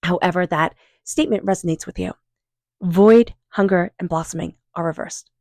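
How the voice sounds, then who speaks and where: Calm, low-voiced woman reading tarot. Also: dry recording, clean studio sound. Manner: calm, unhurried, affirming, softly repeats invocations to spirit guides. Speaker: tarot reader. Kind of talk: tarot card reading monologue.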